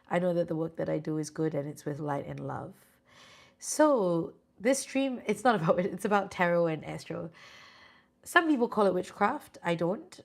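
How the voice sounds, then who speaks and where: A Singaporean woman with a gravelly, lowish voice reads tarot on a live stream, chatting with viewers and reassuring them. She peppers her talk with "lah" and sounds sleepy, yawning now and then.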